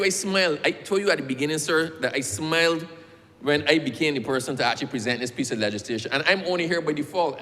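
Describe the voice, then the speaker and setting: A man's voice: medium pitch, a bit bright. A man with a Barbadian accent, a member of parliament telling a story in a parliamentary speech and addressing the chair as sir. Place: large legislative chamber. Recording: long echo of a large chamber.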